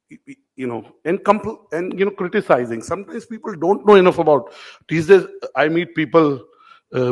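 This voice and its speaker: A man's voice: on the high side, rough recording. Chatty man giving a keynote. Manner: conversational, anecdotal, addresses audience members by name. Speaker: media company owner addressing award winners. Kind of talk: informal keynote speech. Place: event hall.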